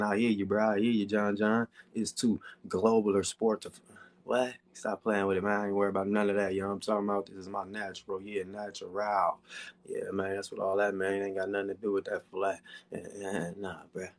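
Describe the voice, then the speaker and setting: A man hosting a casual livestream, answering viewer comments in a laid-back, slangy way with lots of filler questions to his audience. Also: on the low side. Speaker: livestream host.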